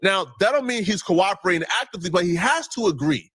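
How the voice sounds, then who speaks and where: A man giving explanatory commentary, laying out his points deliberately and step by step. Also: high-pitched, expressive, a bit bright, husky, dry recording.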